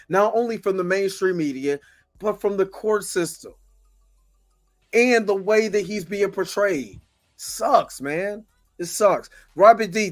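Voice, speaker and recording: Frustrated high-voiced male streamer. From United States. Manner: frustrated, repeats himself, thanks viewers. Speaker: host. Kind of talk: impassioned livestream commentary.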